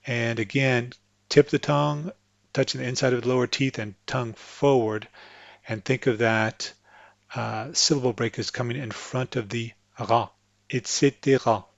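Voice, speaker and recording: A man teaching French pronunciation to English speakers, patiently explaining tongue placement and slowly repeating example words. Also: mid-range voice, fairly even intonation, vocal fry, dry recording, dull audio. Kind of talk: instructional explanation with spoken examples.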